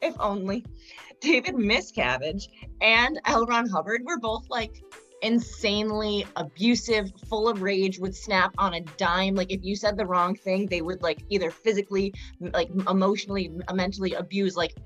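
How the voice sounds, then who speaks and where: A woman's voice: medium pitch, moderate pace, a bit bright, soft background music. A young woman co-hosting a podcast in casual, rambling chat, full of fillers and crude jokes. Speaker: podcast co-host.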